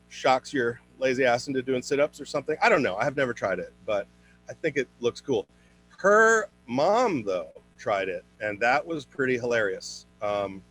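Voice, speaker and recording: A young man performing a stand-up comedy set for an online show, switching into high put-on voices for his characters. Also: fairly bright tone.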